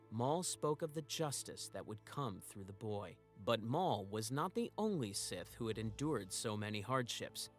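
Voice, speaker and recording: A man narrating a story recap video in a measured, dramatic scripted style. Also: mid-range voice.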